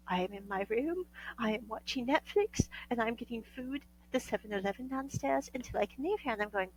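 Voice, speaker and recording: A woman's voice: medium pitch, slight background noise, rough recording. A woman from the United States telling a story in casual chat. She laughs often and acts out the dialogue she quotes.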